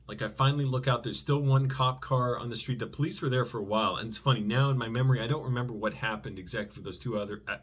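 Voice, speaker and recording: Brief: man in a mid-pitched voice, vlogger recounting a personal story, loose and rambling, lots of self-corrections. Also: a bit bright.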